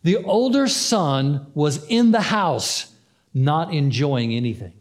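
A pastor preaches in a conversational style, voicing the dialogue of the story and repeating phrases to drive points home. His male voice sits fairly high, sounds expressive, and moves at a slow pace.

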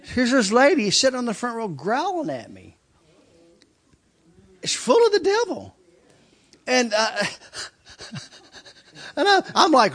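A man's voice: very high voice, huge pitch swings, takes it slowly, long pauses, a bit bright. A male preacher telling a story in a sermon, acting out screams and laughter as he goes. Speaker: traveling preacher.

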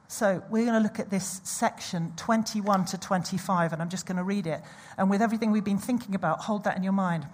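Husky-voiced woman preaching. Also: medium pitch, fairly quick, few pauses. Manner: animated storytelling with audience asides. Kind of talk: sermon.

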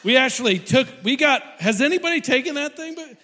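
High-voiced man laughing through a story. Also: a little fast, long reverb tail. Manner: animated, laughs often mid-sentence. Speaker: speaker telling a personal story. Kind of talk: humorous storytelling to an audience.

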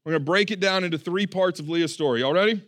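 Laid back preacher guy, kinda high voice, chatty asides, talking to his church. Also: fast. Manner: casual, animated preaching with slang and asides. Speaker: pastor. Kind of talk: sermon. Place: church gathering room.

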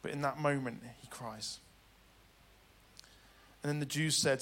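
Bright, dramatic male preacher. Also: mid-range voice, fairly even intonation, measured pace. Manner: dramatic, swings from loud urgency to hushed tenderness. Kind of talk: sermon.

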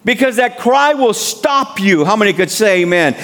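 Delivered in a high-pitched, sing-song voice, fairly bright in tone, this sermon moves at a moderate pace with few pauses. The guest speaker exhorts the congregation in informal street-style talk, repeatedly calling for "amen."

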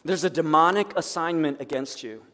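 A middle-aged pastor preaching a sermon, swinging between loud emphatic lines and hushed asides. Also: male voice, fairly high pitch, normal speed. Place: church sanctuary. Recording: long reverb of a church hall.

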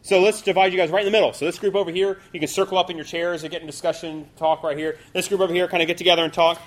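A man's voice: high voice, fairly even intonation, very fast. A man teaching a Bible study class in a loose, conversational way, full of fillers and restarts.

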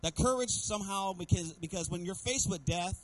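A man's voice: high voice, normal speed, no echo, rough recording. A male pastor preaching a sermon to a congregation, calling for amens and acting out the voices he quotes. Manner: preaching with call-and-response asks to the congregation. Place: church sanctuary.

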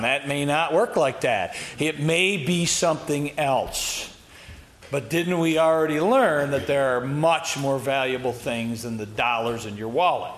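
A man's voice: mid-range voice, slight background noise. A man teaching an adult Sunday school class, reading scripture and talking it through plainly with questions to the class. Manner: reads scripture aloud, then talks it through plainly, asking the class questions. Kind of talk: Bible lesson.

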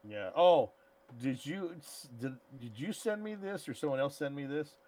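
A man's voice: on the high side, big pitch swings, moderate pace, darkish tone. A man co-hosting a podcast, talking in casual, blunt and irreverent banter. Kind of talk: casual chat.

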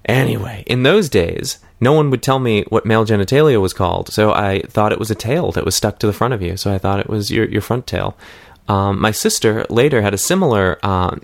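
A man's voice: fairly low pitch, a little fast, creaky. A man from Massachusetts co-hosting a casual chat show, riffing with silly jokes and asides. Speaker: podcast co-host.

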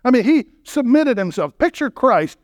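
High-voiced preacher with dry close sound. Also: male voice, big pitch swings, moderate pace, no room sound. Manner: rhetorical questions, swings from low murmurs to raised exclamations. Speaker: guest preacher. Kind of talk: sermon.

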